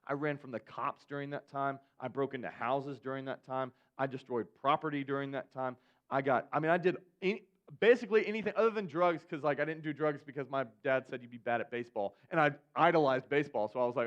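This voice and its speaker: A man's voice: mid-range voice, fast, muffled recording. Casual young man preaching a sermon. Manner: casual, animated storytelling. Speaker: youth pastor.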